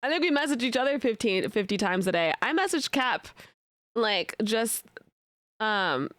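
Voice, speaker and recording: A woman's voice: a little high, sing-song, moderate pace, fairly bright tone, dry recording, studio quality. A young woman streaming, chatting casually with her viewers in a playful way and often slipping into mock outrage. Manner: many fillers and restarts. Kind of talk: casual chat reacting to live chat.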